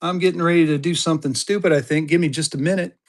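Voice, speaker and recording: A man from Colorado hosting a live selling stream, talking fast in an upbeat sales patter. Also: fairly high pitch, fairly even intonation. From Colorado, USA. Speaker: live-stream currency seller.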